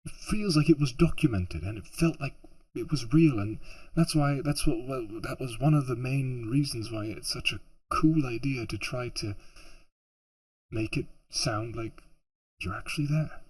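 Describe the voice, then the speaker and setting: Man, husky, mid-pitched, rambling self-interview chat. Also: unhurried, darkish tone. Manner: rambling, many fillers and restarts. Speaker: audiobook producer.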